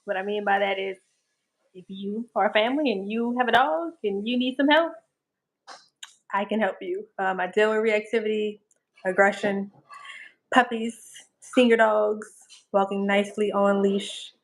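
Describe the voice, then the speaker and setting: A woman's voice: medium pitch, measured pace. A woman with a New Orleans accent, a dog trainer giving easygoing, practical advice in a live-stream interview and laughing often.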